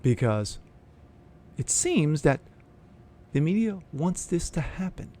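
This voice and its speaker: A man's voice: a little high, sing-song, slow, mellow. A man hosting his own political commentary vlog, reading news aloud and then ranting his opinion in a blunt, profane, sneering way. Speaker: host of a political commentary channel.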